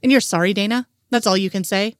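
A woman's voice: mid-range voice, quick pace, dry recording, lightly acted. Woman narrator doing a resentful dad, cold and blaming, dry close recording. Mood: cold, angry. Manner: cold and accusing. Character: bitter, angry father.

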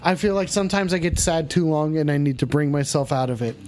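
A man's voice: on the high side, fast talker, darkish tone. A man hosting a comedic livestream, swearing through exaggerated mock outrage at his chat. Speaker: livestream show host.

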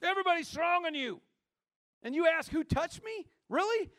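A man preaching acts out exasperated male disciples, loud and disbelieving. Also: very high-pitched, expressive, normal speed, voice pushed up, heavily acted. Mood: incredulous. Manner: incredulous, mocking.

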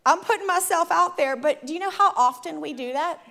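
A woman preaching, telling a personal story to the congregation in an animated, conversational way. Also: extremely high pitch, brisk, creaky. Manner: animated, addresses the audience directly, conversational. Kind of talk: sermon storytelling.

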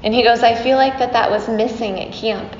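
Middle-aged woman yoga teacher, chatty and laughing often, a bit high-pitched, in a roomy hall. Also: steady tone, brisk, darkish tone, a little hiss or hum. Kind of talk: dharma talk to a class. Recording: dull echoey hall recording.

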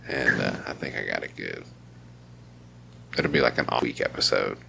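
A man's voice: extremely low pitch, animated, normal speed, vocal fry, bright, forceful tone, slight background noise. A middle-aged man hosting a podcast, rambling in a loose, profane, casual way. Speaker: podcast host.

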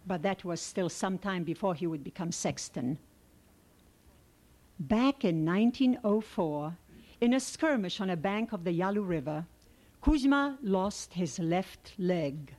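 A woman's voice: fairly low pitch, animated, measured pace, darkish tone. Woman reading a novel aloud. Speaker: reader.

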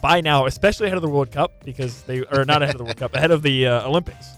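A man co-hosting a casual sports talk show, easygoing and quick to laugh along. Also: mid-range voice, fairly bright tone, faint music behind. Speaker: radio co-host.

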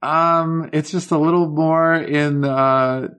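A man co-hosting a casual podcast, joking in a dry, halting way with frequent restarts. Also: on the high side, smooth. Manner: jokey, deadpan, halting restarts. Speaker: podcast co-host. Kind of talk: casual chat.

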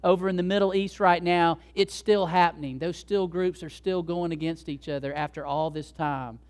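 A male pastor delivers a sermon in a conversational way, tossing rhetorical questions to the congregation. His voice sits notably high for a man. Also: fairly even intonation, normal speed.

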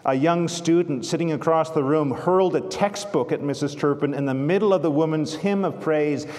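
A man's voice: a little high, normal speed, darkish tone. A male pastor delivering a sermon, telling stories and quoting writers in an earnest manner. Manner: earnest storytelling, literary quotations. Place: church sanctuary. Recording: long church reverb.

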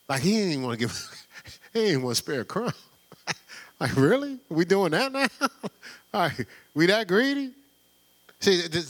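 Man, pastor, conversational sermon, slightly high voice, bright and forceful, rhetorical questions.

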